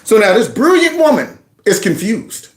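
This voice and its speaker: A man hosting a political commentary channel, reacting to clips in an animated, mocking way. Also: high voice, normal speed, reverberant. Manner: animated, mocking, mimics others in exaggerated voices.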